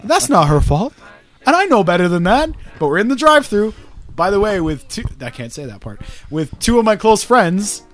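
Male podcast host, casual storyteller, crude and lively, slightly high voice. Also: moderate pace, faint music behind. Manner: profane, rambling, animated storyteller.

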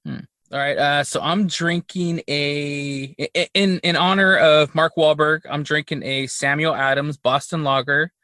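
A man's voice: on the high side, steady tone, measured pace, sharp tone, no room sound. A man hosting a casual podcast chat, rambling with lots of fillers and easy laughs. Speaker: podcast host.

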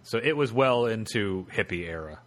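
A man's voice: on the low side, expressive, normal speed, fairly bright tone. A man co-hosting a podcast, telling a story with sarcastic asides in casual chat. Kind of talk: casual podcast chat, reading excerpts aloud.

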